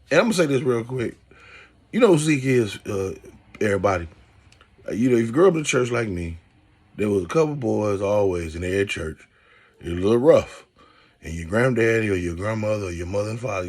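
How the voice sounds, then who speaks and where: A man in his thirties hosting a casual podcast monologue, animated and preacherly, talking straight to his listeners. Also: on the low side, normal speed, pauses often, slightly rough. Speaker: podcast host.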